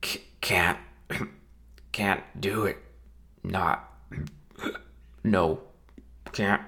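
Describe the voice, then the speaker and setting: A man's voice: deep voice, steady tone, takes it slowly, gravelly, exaggerated voice. A man voicing a drunk, despairing young groom who mumbles and slurs. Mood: mumbling despair. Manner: mumbling, slurred, quiet.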